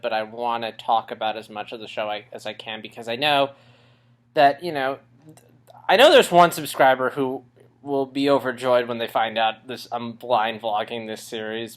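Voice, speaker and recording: Young man, slightly out of breath, casual rambling vlog, restarts, middle pitch. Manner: rambling, with restarts and shifts in loudness. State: a little out of breath after a run. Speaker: vlogger reviewing a cartoon series.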